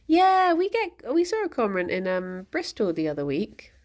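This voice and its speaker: A woman's voice: medium pitch, sing-song, normal speed, hardly any pauses. A woman streaming from home, chatting in a rambling, easygoing way and often breaking into laughter. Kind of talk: casual chat to a live stream.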